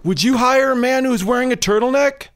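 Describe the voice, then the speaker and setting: A man doing a squeaky, flustered young guy. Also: brisk, a bit bright. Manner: flustered, rambling, high-pitched. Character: nervous, awkward young man with a hickey.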